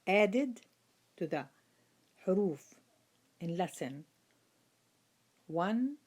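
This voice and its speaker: Slow, patient woman teaching letters. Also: fairly low pitch, lively intonation, darkish tone, slightly rough. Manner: patient, repeats each sound several times. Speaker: Quran reading teacher. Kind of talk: slow step-by-step lesson.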